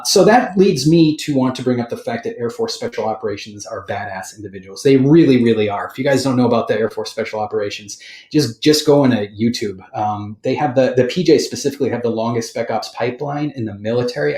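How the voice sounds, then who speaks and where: A man's voice: mid-range voice, a little fast, echoey room. A man hosting a podcast, chatting casually and telling stories with plenty of laughs. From Boston area, USA. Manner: animated storyteller, laughs often. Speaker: podcast host. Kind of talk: casual chat.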